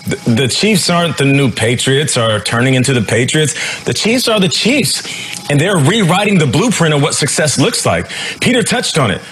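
A man giving animated football analysis on a TV show, emphatic and persuasive. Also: on the high side, slight background noise. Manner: emphatic, persuasive, quick bursts. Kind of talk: animated sports TV commentary.

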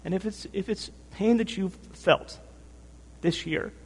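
His voice sits high, husky and a little slow. Delivering a sermon in a church hall with long reverb, he sounds earnest, emotional and somewhat worn from lack of sleep, restarting phrases often and checking in with "right?".

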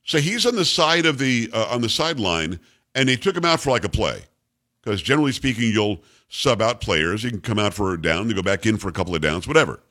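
Man, middle-aged, talk show host, blunt, emphatic, repetitive, lively intonation. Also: fairly low pitch, fast talker. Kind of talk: opinionated monologue on sports news.

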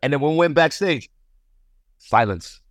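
A man's voice: on the high side, expressive, moderate pace, dry recording, clean studio sound. A man talking as a guest fighter in a casual interview, laid-back and swaggering, now and then acting out other people's words.

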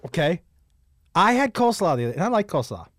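Lively profane American podcast host man. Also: high-pitched, quick pace, no room sound, clean studio sound. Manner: animated, profane, laughing easily. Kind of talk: casual chat.

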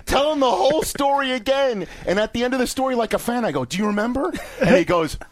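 Podcast host, man, animated and self-mocking; very lively delivery, dry and close. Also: extremely high pitch, fast talker, no room sound. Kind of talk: casual chat, telling anecdotes.

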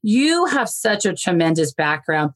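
A woman's voice: on the low side, sing-song, unhurried, fairly bright tone. A woman hosting a podcast, speaking in an eager, gushing way. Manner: enthusiastic, gushing. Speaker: podcast host. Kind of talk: casual interview talk.

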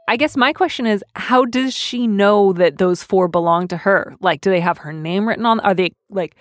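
A woman's voice: mid-range voice, normal speed, hardly any pauses, soft background music. A woman hosting an advice podcast from a studio, chatty and wry, laughing at her own jokes. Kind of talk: casual advice chat.

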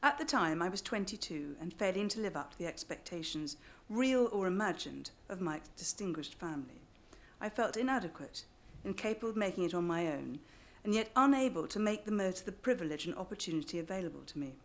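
A woman's voice: fairly low pitch, lively intonation, fairly quick, hardly any pauses. English woman reading her memoir with wry asides. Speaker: author. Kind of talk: reading a memoir aloud to a live audience.

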